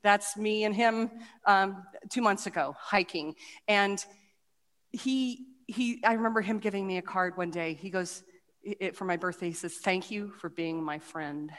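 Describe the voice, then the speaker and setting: A middle-aged woman giving a personal testimony talk with slides, animated and full of restarts and fillers, acting out the voices of people she quotes. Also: medium pitch. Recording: reverberant hall.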